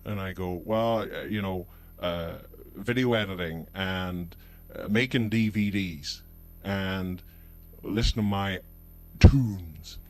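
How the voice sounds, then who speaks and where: A man's voice: low voice, takes it slowly. Rambling man in a comic puppet rant. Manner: rambling, chatty, with hesitant fillers and put-on voices. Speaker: puppet show host. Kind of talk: comic vlog monologue.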